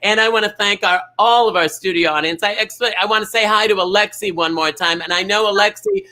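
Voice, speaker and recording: A man's voice: high voice, fast talker, bright, forceful tone. A man hosting a bingo livestream in a campy, gushing, teasing way. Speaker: host. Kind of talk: upbeat bingo livestream chat.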